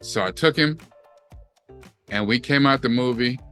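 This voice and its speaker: Middle-aged guy, lively storyteller doing voices, faint music behind. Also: mid-range voice, measured pace. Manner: animated storyteller, acting out quotes. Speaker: co-host. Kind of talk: casual chat.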